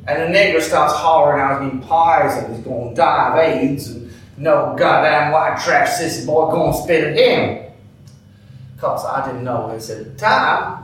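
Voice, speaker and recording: An actor playing an older, bigoted night-shift cook who tells a rambling, folksy story in a drawl, captured on an echoey stage from afar. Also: male voice, sits high, a bit bright, distant mic, slight background noise. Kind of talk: theatrical monologue.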